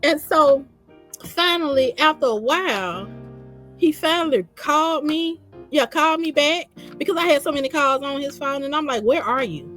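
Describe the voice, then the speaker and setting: A woman's voice: high voice, normal speed, soft background music. A woman recounting her own story in casual conversation, repeating phrases and quoting herself. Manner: animated, repeats phrases, quotes herself in dialogue.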